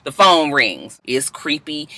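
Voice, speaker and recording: A man's voice: on the high side, big pitch swings, slow pace, pushed and bright, no echo, rough recording. A man recapping a TV episode in casual commentary, slangy and profane, mimicking the characters as he goes. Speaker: TV recap vlogger.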